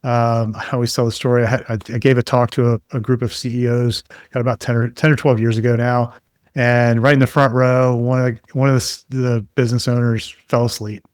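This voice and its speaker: A man being interviewed as a guest expert, telling relaxed anecdotes full of fillers in a conversational way. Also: medium pitch, fairly quick, smooth, no room sound, studio quality.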